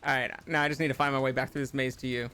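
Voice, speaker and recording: A man's voice: medium pitch, flat delivery, rapid-fire, sharp tone, a little hiss or hum. A man chatting casually and laughing while playing a co-op game on stream. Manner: chatty, laughs easily, thinks aloud. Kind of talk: casual gaming chat.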